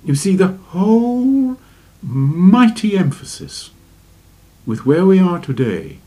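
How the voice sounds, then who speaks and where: A man giving a slow, deliberate spiritual lecture and asking his listeners rhetorical questions. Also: a little high, darkish tone. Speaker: religious teacher.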